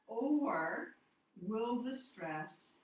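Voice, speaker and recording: A woman teaching a phonics lesson, walking through each step slowly and spelling out words letter by letter. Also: a little high, animated. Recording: echoey room, voice from far off the mic.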